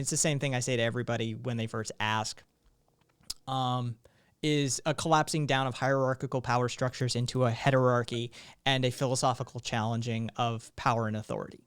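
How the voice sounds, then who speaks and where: A man's voice: medium pitch, clear, resonant tone. A man hosting a live stream, talking in a rambling way with lots of fillers and restarts. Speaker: streamer host.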